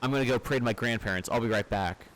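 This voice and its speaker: A man's voice: mid-range voice, quick pace, natural voice, low-quality recording. A man voicing a spirited little summoner girl who insists she is grown-up, reading the game's dialogue aloud. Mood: determined.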